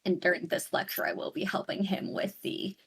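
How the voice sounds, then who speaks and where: A female player describing her character's actions in a tabletop game, in a thoughtful, meandering way. Her voice is husky and breathy. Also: medium pitch, level tone, a little fast, a bit bright. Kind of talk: casual tabletop play narration.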